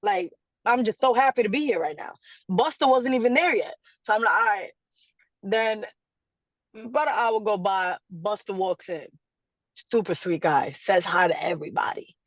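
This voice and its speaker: A woman being interviewed, telling a story in a casual, animated way, acting out quotes and laughing often. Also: medium pitch, normal speed, dry recording. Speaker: guest artist.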